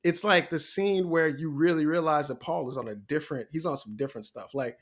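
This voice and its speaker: A man co-hosting a podcast, talking casually and getting animated and laughing as he recounts scenes. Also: a little high, fairly quick. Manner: animated, laughs often, gets excited. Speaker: podcast co-host.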